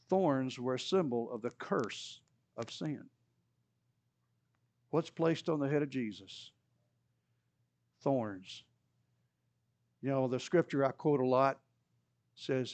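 A pastor retells scripture as a story in his sermon, acting out the voices of the people in it with rising pitch. He takes it slowly, leaving long pauses. The recording has no room sound.

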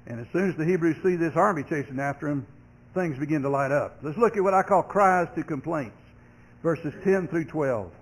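A man, a pastor, preaching a sermon, earnest, growing loud and sharp when he acts out complaining voices and dropping soft for comfort. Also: a little high, moderate pace, husky, poor audio.

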